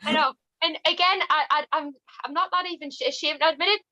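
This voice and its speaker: Female guest, high-pitched, chatty and frank. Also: quick pace, muffled recording. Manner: lively storytelling, frank and laughing. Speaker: podcast guest. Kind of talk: casual chat.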